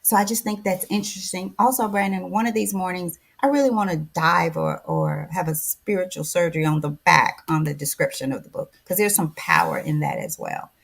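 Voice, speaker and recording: An older woman co-hosting a casual podcast, chatty and reflective, often pausing and correcting herself. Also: fairly low pitch, expressive, vocal fry, breathy edge. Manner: chatty and reflective, many fillers and self-corrections. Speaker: podcast co-host.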